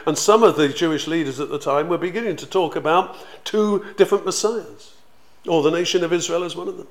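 A man teaching in a sermon, conversational and animated, retelling stories with acted quotes. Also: a little high, a little fast. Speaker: preacher.

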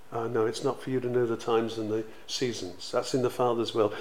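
A man teaching in a sermon, conversational and animated, retelling stories with acted quotes. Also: medium pitch, brisk, hardly any pauses. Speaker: preacher.

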